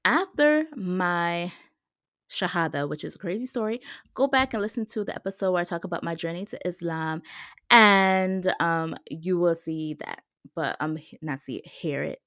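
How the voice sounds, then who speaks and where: A young woman talks on her podcast with a lowish voice, leaning heavily on "like" as she chats. She springs into lively retellings of what other people said. The sound is close and dry, with no room around her. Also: no room sound. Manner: chatty, heavy use of "like", animated when retelling others. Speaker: podcast host. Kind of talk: casual personal storytelling.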